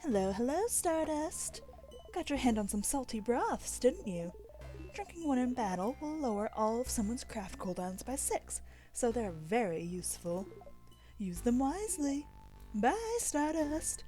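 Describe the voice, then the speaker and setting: A woman's voice: on the high side, very animated, measured pace, mellow, faint music behind, voice pushed up, poor audio. A woman voicing a cheerful game character who hands out friendly tips and singsong goodbyes.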